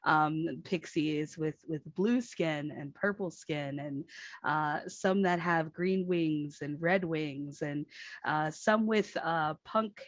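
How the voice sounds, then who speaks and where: Slow, unhurried woman game master. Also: low voice, no room sound. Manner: unhurried, filler-laden storytelling. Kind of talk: narrating a tabletop game. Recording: dry, slightly muffled stream audio.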